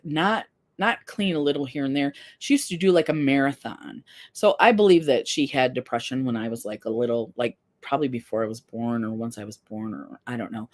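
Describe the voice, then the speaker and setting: A woman in her fifties hosting a casual live stream, talking candidly and earnestly while reading viewer comments. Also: extremely low pitch. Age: 50s. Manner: candid, earnest, self-deprecating.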